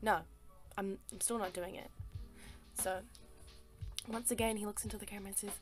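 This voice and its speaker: A woman's voice: medium pitch, steady tone, normal speed, over music. A woman telling a personal story in a casual voice-over, emphatic and exasperated, swearing freely and filling her talk with "like" and "sis". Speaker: storytime artist.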